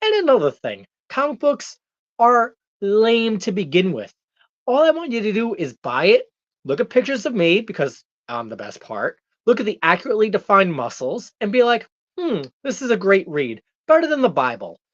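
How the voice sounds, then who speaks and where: Guesting on a talk show, a man plays a brash, arrogant heel wrestler, ranting and taunting cockily in character for comic effect. His high voice swings widely in pitch at a normal speed. The recording is dull, dry and lo-fi with no room sound.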